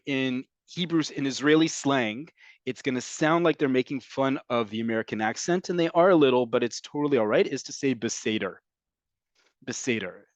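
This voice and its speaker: A man's voice: mid-range voice, no echo. Man teaching an online class, dry sound. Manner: patient explanations with many fillers and "okay?" check-ins. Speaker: Hebrew teacher. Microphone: computer mic on a video call.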